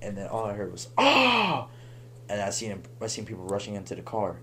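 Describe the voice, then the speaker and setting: A young man telling a long story on a podcast in a casual, animated way, laughing and acting out the voices of the people in it. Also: on the low side, rapid-fire, a little hiss or hum. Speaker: podcast guest.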